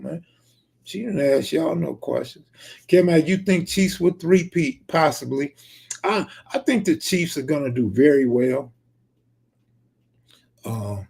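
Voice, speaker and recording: A man's voice: mid-range voice, vocal fry, dark tone, husky. A man from California, live streaming and casually reading viewer comments aloud, bantering back with joking, profane remarks.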